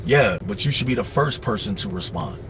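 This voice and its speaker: A man hosting a livestream, giving casual life advice in a blunt, profane, preachy way, often mimicking other people in quick asides. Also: fairly low pitch, expressive, background noise. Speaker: livestream host.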